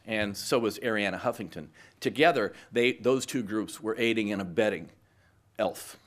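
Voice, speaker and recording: A middle-aged man speaking as a guest to a live audience, telling lively stories and acting out both sides of conversations. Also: on the low side, normal speed. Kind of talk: anecdotal speech to a live audience.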